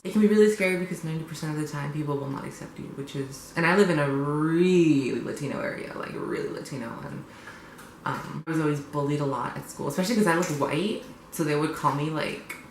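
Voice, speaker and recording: A young man vlogging casually and bluntly, sarcastic and quick to swear. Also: fairly high pitch, creaky, echoey room, slight background noise, poor audio. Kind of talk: confessional casual vlog.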